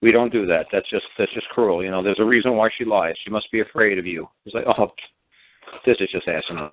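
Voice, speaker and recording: A man's voice: lowish voice, fairly quick, no room sound. A man with a New York accent talking in a blunt, profane, rambling way on a radio call-in show. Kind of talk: casual radio call-in talk. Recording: dry phone-line audio.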